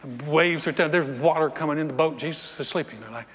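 Animated pastor in a hall. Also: male voice, a little high, fast. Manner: animated, acts out scenes, jokes with congregation. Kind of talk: sermon. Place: church sanctuary. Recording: reverberant hall with faint ambience.

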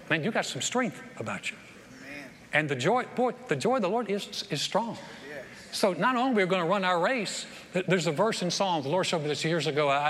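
A man delivers an animated sermon in a bright, somewhat high voice. He stumbles and restarts often as he tells his stories. The sound carries a long church-hall reverb over faint background noise. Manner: animated storytelling with repeated restarts. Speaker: pastor. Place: church sanctuary.

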